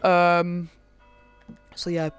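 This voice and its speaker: A man hosting a gaming video, casually reading through a list of in-game items with many halting fillers. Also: high-pitched, completely flat delivery, faint music behind. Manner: reads off item lists, halting with frequent fillers. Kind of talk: casual game walkthrough commentary.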